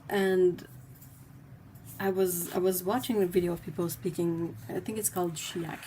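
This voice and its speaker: A French Canadian woman, English not her first language, talks loosely as host of a casual painting livestream. Her voice sits a little low, and she wanders between thoughts with lots of fillers. A faint hiss runs under the audio. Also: steady tone, moderate pace, mellow. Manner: chatty, rambling with fillers, laughs easily. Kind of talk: casual chat while painting.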